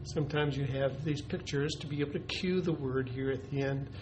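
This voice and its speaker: A man's voice: medium pitch, fairly even intonation, fairly quick. A man giving an instructional demonstration of a classroom teaching method, explaining step by step with frequent ums and uhs. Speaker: teacher educator. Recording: noisy recording.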